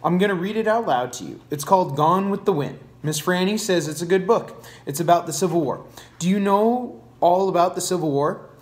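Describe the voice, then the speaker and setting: A man reading aloud, voicing an outspoken, eager young girl with a lively delivery. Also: high-pitched, a little fast, voice pushed up. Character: spirited ten-year-old girl, outspoken.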